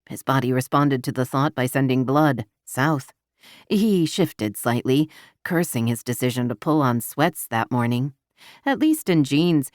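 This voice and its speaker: A woman narrating a romance audiobook in an even, intimate storytelling manner, recorded close to the mic. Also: sits low, dry recording.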